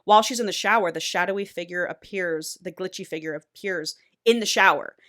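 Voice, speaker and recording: A woman with a lowish voice retells a novel in an animated, casual podcast style. She swears freely as she goes. The sound is dry and close, with no room echo. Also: fairly quick. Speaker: podcast co-host. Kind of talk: casual book recap.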